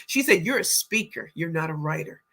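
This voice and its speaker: A middle-aged woman hosting a livestream, reading viewer comments aloud and greeting people by name with excited, exclamatory energy. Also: low-pitched, brisk, slightly rough. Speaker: livestream host, book pitch coach.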